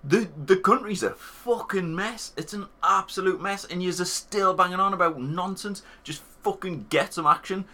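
Sex: male. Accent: Northern English. Role: podcast co-host. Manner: blunt, sweary. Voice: bright, a bit high. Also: moderate pace, few pauses. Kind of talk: casual banter.

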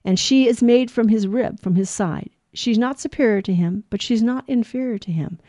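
A woman's voice: fairly high pitch, moderate pace, mellow, dry recording, clean studio sound. A woman giving a scripture talk, telling Bible stories and acting out the characters' lines with light laughs between points. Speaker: Bible teacher.

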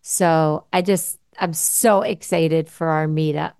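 A woman's voice: low voice, steady tone, takes it slowly, vocal fry, darkish tone, clean tone, dry recording, studio quality. A woman hosting a podcast, speaking in a heartfelt, emotional way and often repeating herself. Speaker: podcast host. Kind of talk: heartfelt podcast chat and sign-off.

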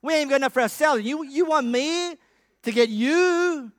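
A man's voice: extremely high pitch, normal speed, a bit bright, dry recording, studio quality, pitched above the performer's own voice. A man voicing a blunt, scolding poor widow. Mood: sarcastic. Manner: sarcastic, scolding.

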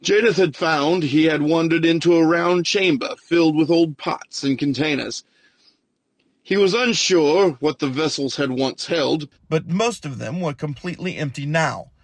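Male narrator for fiction audio, slightly higher voice, very dry close sound. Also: no echo. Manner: steady, even storytelling. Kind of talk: scripted story narration.

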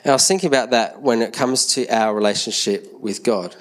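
Brief: thirties man, mid-pitched, easygoing children's talk in church, asks the kids questions. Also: brisk. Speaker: church leader speaking to a congregation.

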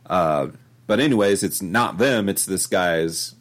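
A man's voice: deep voice, animated, measured pace. A young man co-hosting a podcast in casual chat, rambling with many fillers and calling people dude. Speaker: podcast co-host.

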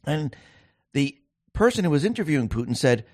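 A man's voice: on the high side, very animated, a little fast, a little mellow, no room sound, clean studio sound. A man hosting a political commentary monologue, talking emphatically and firing off rhetorical questions. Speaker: show host.

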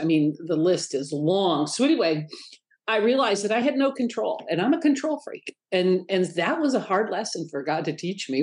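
A middle-aged woman, a guest author, telling personal stories in an interview and acting out the voices of people she quotes. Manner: animated, acts out quoted voices in a high pitch. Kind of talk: storytelling interview talk.

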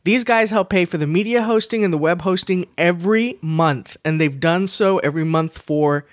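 A woman from Texas with a Texan accent, co-hosting a casual podcast, chatty and quick to laugh, often restarting her sentences. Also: on the low side, dry recording, studio quality. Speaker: podcast co-host.

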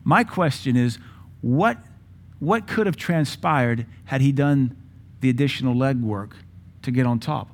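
A man in his forties preaching a sermon with passion, using dramatic pauses and acting out voices from scripture. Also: mid-range voice, lively intonation. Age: 40s. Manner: impassioned, dramatic pauses, mimics Bible voices.

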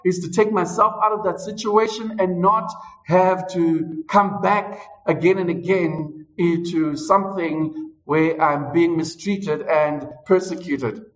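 Male pastor, high-pitched, emphatic repeating sermon delivery; recorded from a distance. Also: fairly bright tone. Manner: emphatic, repeats phrases for stress. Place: church service. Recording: voice a bit far from the mic.

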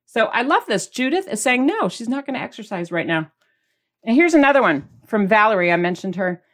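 A woman's voice: fairly high pitch, sing-song, brisk, a bit bright. A woman hosting a diet podcast, chatting casually to viewers, asking them questions and holding up products as she talks, with playful mimicry of their reactions. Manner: chatty, asks the audience questions; holds up products while talking. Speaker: podcast host.

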